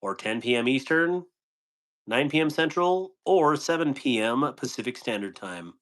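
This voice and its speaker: A man's voice: mid-range voice, expressive, normal speed, a bit bright. Playful man chatting on a live stream. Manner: playful, laughs often, trips over words. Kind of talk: casual live-stream chat reading comments.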